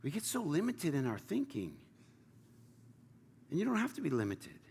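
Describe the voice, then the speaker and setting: A man pastor delivers a passionate sermon in a high, gravelly voice. He swings from loud, urgent pleading down to hushed, near-whispered lines. The sound carries a long church-hall reverb with faint ambience behind it. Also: huge pitch swings, normal speed, slight background noise.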